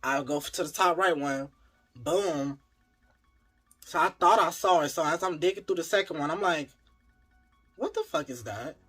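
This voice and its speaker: A man's voice: a little high, normal speed, slightly rough, soft background music. A man telling a wild personal story in a casual, profane style, talking straight to his viewers. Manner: animated, profane, talks to viewers as y'all.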